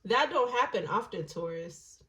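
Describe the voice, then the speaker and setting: A woman giving a casual intuitive tarot reading, slangy and blunt, musing aloud and dropping into soft hushed asides. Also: mid-range voice, expressive, unhurried, low-quality recording. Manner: slangy and blunt, with occasional swearing. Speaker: tarot reader.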